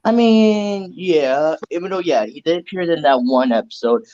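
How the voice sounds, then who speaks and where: A man co-hosting a casual online fan discussion, animated and eager to add trivia. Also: fairly high pitch, moderate pace, lo-fi sound. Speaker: co-host.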